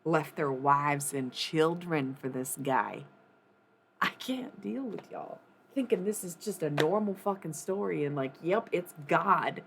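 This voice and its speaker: A woman's voice: deep voice, lively intonation, measured pace, vocal fry, slight background noise. A woman streaming live, ranting in a casual, profane, worked-up way and often laughing.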